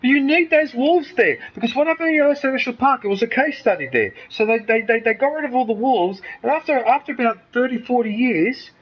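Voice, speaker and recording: A man's voice: very high voice, expressive, fast, few pauses, breathy edge, highs cut off. An Australian man streaming a game, ranting heatedly and swearing freely while talking to his live chat. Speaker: gaming streamer. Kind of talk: casual live-stream commentary.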